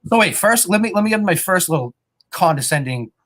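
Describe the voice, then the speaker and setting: A man co-hosting a podcast in casual chat, ribbing others with quick, profane banter. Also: sits high, lively intonation, fairly bright tone. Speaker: podcast co-host.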